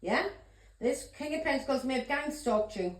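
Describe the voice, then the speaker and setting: A woman's voice: high-pitched, animated, normal speed, roomy sound. A woman giving a tarot reading vlog, a blunt, ranting straight talker who swears freely. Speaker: tarot reader.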